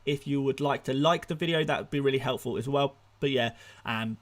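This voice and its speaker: A young man hosting a live stream, firing off rapid answers to viewer questions, excitable and laughing often, out of breath at times. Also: medium pitch. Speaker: fantasy football streamer.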